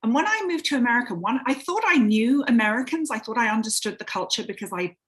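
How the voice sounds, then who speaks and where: A woman's voice: on the high side, lively intonation, fast talker, fairly bright tone. A middle-aged English woman, an author from England, chatting as a guest in a casual interview and often restarting her sentences.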